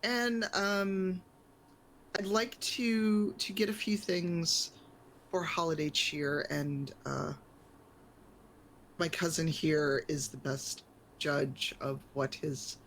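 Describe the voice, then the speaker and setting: A woman voicing a soft-hearted male traveler in a tabletop game, speaking politely and haltingly. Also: sits low, fairly even intonation, slight background noise, voice pushed down, poor audio.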